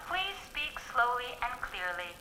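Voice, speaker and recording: A woman with an American accent voicing an automated elevator, calm and politely measured. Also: fairly high pitch, full character voice. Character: polite, unflappable female voice of an elevator machine. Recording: clip played in a roomy hall over loud noise.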